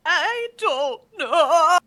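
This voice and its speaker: Lady doing a squeaky scared gnome apprentice, stammery and weepy, drags her words out. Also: animated, bright, forceful tone, full character voice. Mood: tearful. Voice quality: high, shaky, tearful. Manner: stammering, slow, apologetic. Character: timid young female gnome apprentice, anxious and whimpery.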